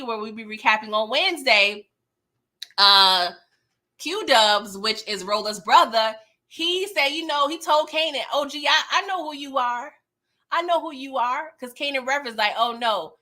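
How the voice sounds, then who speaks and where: Bright, animated woman recapping a show. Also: on the high side. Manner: animated, laughing, slangy, retells scenes in quoted voices. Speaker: YouTube show recap host. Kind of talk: casual live TV recap.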